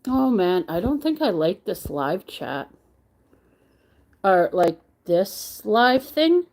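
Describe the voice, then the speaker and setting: A woman's voice: mid-range voice, big pitch swings, slow, a little mellow. A middle-aged woman, chatting casually on her crochet livestream and greeting viewers by name as she reads the chat. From Canada.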